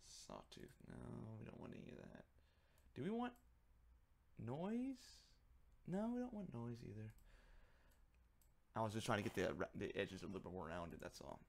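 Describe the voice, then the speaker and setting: Gravelly man rambling on a livestream. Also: lowish voice, wildly swooping pitch, moderate pace, pauses often. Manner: rambling, joking, muttering to himself. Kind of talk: casual livestream chat while working.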